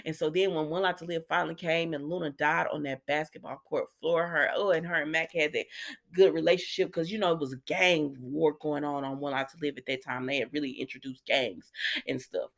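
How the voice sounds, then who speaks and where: Woman in her 40s, soap recap host, animated and slangy, speaks right to her audience. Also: lowish voice. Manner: animated, slangy, talks straight to viewers. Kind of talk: casual chatty recap.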